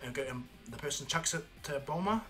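Bright-voiced man rambling a fan story. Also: medium pitch, lively intonation, fairly quick, faint music behind. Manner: rambling, loose, many fillers. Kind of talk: casual fan story retelling.

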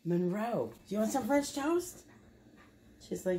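A woman talks to her dogs in a doting, sing-song voice, letting her pitch swoop up and down. She takes her time over every phrase. A faint hum of background noise sits behind her in the kitchen. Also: wildly swooping pitch, slow pace, pauses often. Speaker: dog owner. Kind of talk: chatting to her dogs on camera. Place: home kitchen.

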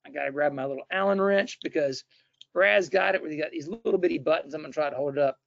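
A man's voice: fairly high pitch, quick pace, gravelly, no room sound. A middle-aged man presenting a webinar, demonstrating a tool in a casual, chatty way with fillers and restarts. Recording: dull, dry, lo-fi webinar audio.

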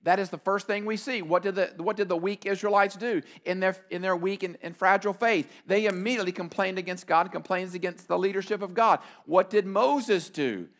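A man's voice: high voice, a little fast, hardly any pauses, a bit bright. A middle-aged man preaching a sermon as pastor, emphatic and repeating his key phrases.

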